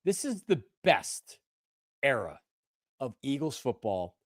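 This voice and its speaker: An older man hosting a live sports talk stream, passionate and emphatic, repeating himself and at times breaking into shouts. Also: medium pitch, big pitch swings, takes it slowly, no echo, studio quality. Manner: bursts into shouting. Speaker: sports show host.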